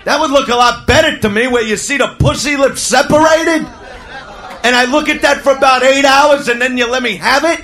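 A man doing a loud, crude, rambling stand-up routine. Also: very high voice, fairly quick, some chatter behind. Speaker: stand-up comedian. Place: comedy stage before a crowd.

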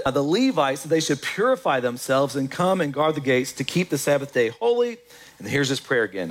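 A man preaching a sermon with a lively, swooping delivery that ranges widely in pitch. His voice sits a little higher than most men's. He acts out quotes and asides as he goes. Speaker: pastor.

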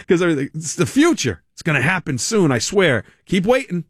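A man's voice: fairly high pitch, very animated, normal speed, slightly rough, no echo, clean studio sound. A man hosting a talk radio show, delivering a sarcastic, mocking monologue with frequent laughs.

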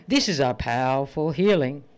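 A radio host voicing a mysterious male witch doctor in a told joke, speaking low and portentous. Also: expressive, normal speed, lightly acted. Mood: solemn.

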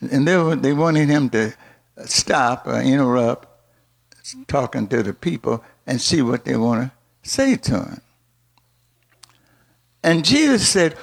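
A man preaching a sermon, with call-and-response and sudden high emphatic peaks. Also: very animated, slow pace, gravelly, pauses often.

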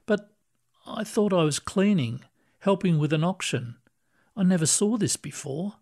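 Guy doing a shy gentle old lady in a story, soft and unsure, takes her time. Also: high-pitched, expressive, measured pace, pitched above the performer's own voice, exaggerated voice. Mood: bewildered. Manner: hesitant, wondering, soft. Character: timid gentle older woman, newly dead.

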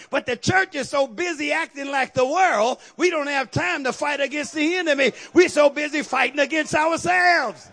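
A man's voice: very high voice, moderate pace, gravelly, few pauses, bright, forceful tone. A male pastor preaching a sermon with call-and-response, building to emphatic outbursts.

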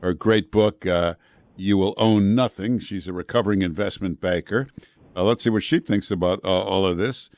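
A man's voice: low-pitched, moderate pace, darkish tone, no echo. Male talk radio fill-in host, loose and jokey, dead-dry studio mic. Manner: joking, loose, with many "uh" fillers. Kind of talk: casual talk radio banter.

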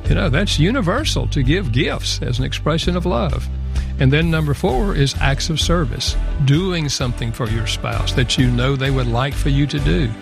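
Gravelly guy explaining stuff point by point on a radio interview, kinda high voice. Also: normal speed, over music. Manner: earnest, explanatory, lists points calmly. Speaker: author and guest.

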